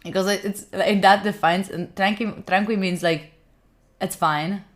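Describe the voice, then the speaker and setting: A woman's voice: medium pitch, fairly even intonation, moderate pace. A young Italian woman with an Italian accent, chatting casually and playfully with her viewers on a study live stream. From Italy. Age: young adult. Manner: chatty, playful, mock-indignant, frequent fillers.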